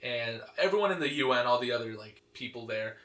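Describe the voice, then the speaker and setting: A man hosting a podcast, recapping a comic story in casual, animated chat, full of "like" and quick laughs. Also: mid-range voice. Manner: animated, laughing, lots of fillers like "like". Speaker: podcast host. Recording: echoey room.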